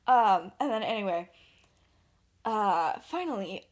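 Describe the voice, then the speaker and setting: This is a young woman chatting on a podcast, retelling a story to a friend. She keeps it casual and giggly, filling the gaps with "like" and "um." Her voice sits a touch high and swoops up and down with plenty of life. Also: expressive, unhurried. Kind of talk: casual chat.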